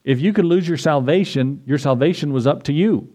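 A man preaching a sermon to his congregation, conversational and then rising to excited emphasis. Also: a little high, fairly quick. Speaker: pastor.

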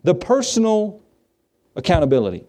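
Preaching as a pastor, a high-pitched man swings hugely in pitch while keeping a normal speed. He stresses his points, repeats central phrases, asks rhetorical questions, and moves from raised passages to hushed asides.

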